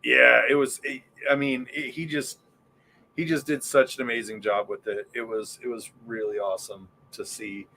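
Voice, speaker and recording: A man's voice: mid-range voice, level tone, normal speed, creaky, pushed and bright, slight background noise. A man hosting a podcast in casual chat, rambling and enthusiastic, with lots of fillers. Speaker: podcast host.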